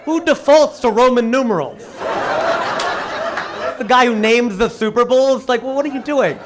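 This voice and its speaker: A man doing a stand-up comedy set for a live audience, firing off quick punchlines with sudden leaps in pitch. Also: background noise. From United States. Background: audience laughter.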